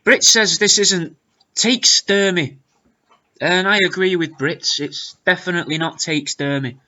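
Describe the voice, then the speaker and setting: A man reading out comments with wry, deadpan asides in a casual commentary. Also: high voice, a little slow, lo-fi sound. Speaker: video creator reading comments.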